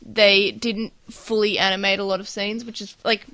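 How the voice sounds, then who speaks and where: Woman, podcast co-host, bright clear voice, chatty plot summary. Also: mid-range voice, level tone, normal speed. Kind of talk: casual chat recapping a cartoon.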